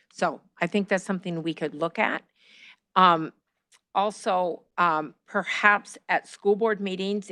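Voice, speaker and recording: Woman board member; low, dry, halting and measured delivery. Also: a bit bright, dry recording. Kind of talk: thoughtful remarks at a board meeting.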